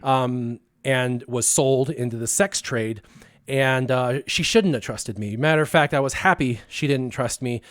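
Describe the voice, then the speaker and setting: Casting: male stream co-host, casual storyteller who acts out his own lines with animated bursts, middle pitch, dry close mic. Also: unhurried, no echo.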